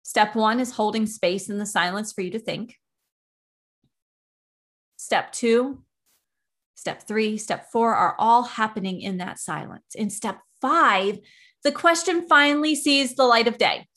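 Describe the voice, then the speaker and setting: A woman hosting a coaching podcast, explaining question techniques in a calm, instructional monologue with everyday analogies. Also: on the high side, unhurried.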